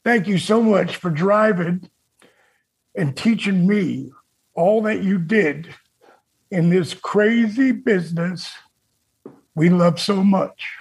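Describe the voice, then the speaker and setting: A man's voice: high voice, takes it slowly, long pauses, husky. An older man hosting a podcast, reading out an emotional tribute, choked up and near tears, swearing as he talks. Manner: reads a tribute, breaks into tears and profanity. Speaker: podcast host.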